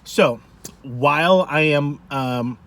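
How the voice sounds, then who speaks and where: A man food vlogger telling a rambling, animated story to camera from a parked car. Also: on the high side, slow. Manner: rambling, animated, self-interrupting.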